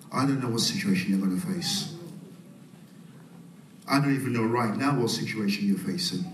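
A man preaching a sermon, calling out to the congregation and swinging between loud, rising passages and soft, quiet ones. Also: medium pitch, background noise. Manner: call-and-response preaching, swelling loud then dropping soft. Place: church. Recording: echoey church hall, mic at a distance.

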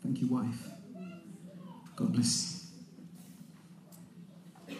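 A man preaching a sermon in church, emphatic, breaking into shouts and acting out the people he quotes. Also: very high-pitched, wildly swooping pitch, slow, long pauses. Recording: very echoey hall.

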